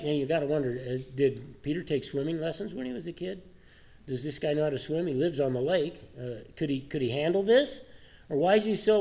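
A man's voice: a little high, warm tone. A male pastor giving a sermon in a conversational way, asking many rhetorical questions.

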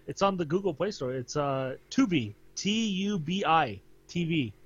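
Podcast co-host, male, slightly high voice, easygoing chatter, muffled lo-fi mic. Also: unhurried, husky. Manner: laughs often, relaxed and chatty. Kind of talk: casual chat.

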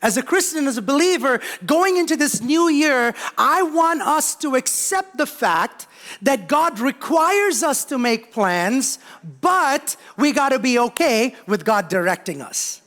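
Young male pastor, very high voice, preaching and calling out to his congregation in church. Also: animated, measured pace, fairly bright tone. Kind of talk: sermon. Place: church sanctuary.

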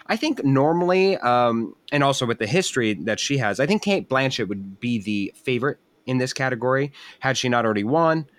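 A man's voice: lowish voice, fairly bright tone, smooth, dry recording. A man hosting a casual panel discussion, hesitant and restarting his sentences often. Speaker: host.

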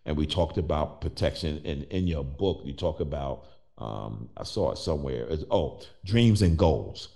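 Middle-aged man, host, animated storyteller who acts out quotes; low, mellow voice. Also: normal speed, gravelly. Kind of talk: personal storytelling in conversation.

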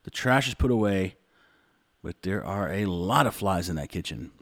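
A man with a fairly low voice hosts his own show, telling a long story. He rambles in a loose, chatty way. The sound is dry and close, with almost no room echo. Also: animated, moderate pace. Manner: rambling, conversational, frequent "like" fillers. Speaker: show host. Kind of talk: casual monologue storytelling.

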